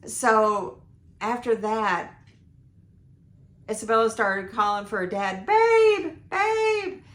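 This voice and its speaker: Slow hoarse grandmother. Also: medium pitch, flat delivery, pushed and bright. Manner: meandering, lots of ums and restarts. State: hoarse, losing her voice. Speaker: vlogger. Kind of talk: rambling casual life update. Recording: echoey room.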